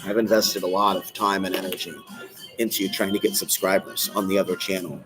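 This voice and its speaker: A man's voice: low voice, flat delivery, brisk, music in the background, rough recording. A man hosting a live stream, ranting in an agitated, rambling, repetitive way from a coffee shop. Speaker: channel host.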